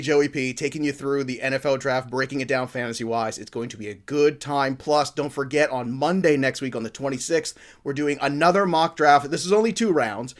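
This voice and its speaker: A man hosting a fantasy football talk show, joking and enthusiastic, with a rambling, playful manner. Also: medium pitch. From Italian-American family. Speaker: podcast host. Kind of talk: upbeat sports talk.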